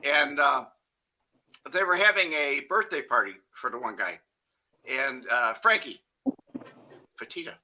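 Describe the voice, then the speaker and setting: A man's voice: mid-range voice, measured pace, pauses often, bright, forceful tone, a little hiss or hum, rough recording. A man from Chicago, a guest in a casual chat, telling blunt anecdotes and laughing easily.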